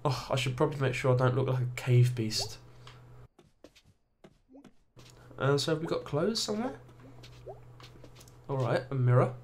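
A man's voice: medium pitch, brisk, a little mellow, slight background noise, close to an everyday voice. A man voicing an anxious, self-deprecating young adult female cat, a college dropout, over game music.

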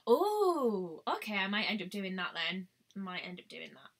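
A beauty vlogger chats bubbly on a live stream, greeting viewers by name from a webcam at home. Her voice is medium-pitched, very animated, unhurried, and fairly bright.

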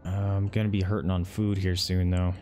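A man's voice: sits low, level tone, a little fast, mellow, a little hiss or hum. A young man commenting as he plays a strategy game, reading its text aloud and swearing. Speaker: gaming channel host. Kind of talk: let's play commentary.

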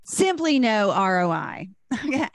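An older woman from Texas, doing a stand-up comedy set, lively and self-deprecating. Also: fairly high pitch, unhurried, no room sound. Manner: lively, self-deprecating, puts on voices for quoted people.

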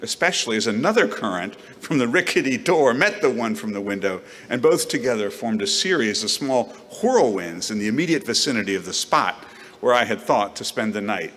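A man giving an expressive dramatic reading of a novel, recorded in a reverberant hall. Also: fairly low pitch, brisk. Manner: expressive, acts out the narrator's outbursts. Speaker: reader.

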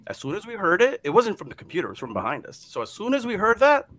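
Animated man telling a spooky story. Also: sits high, racing, slight background noise. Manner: animated, drops to hushed tones at scary parts. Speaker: guest storyteller. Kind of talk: casual chat, telling a ghost story.

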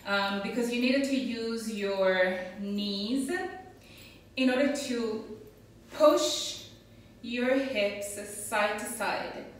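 Slow, patient woman teaching dance, echoey room. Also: fairly high pitch, recorded from a distance. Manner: slow, patient counting of rhythm and steps. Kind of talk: dance class instruction.

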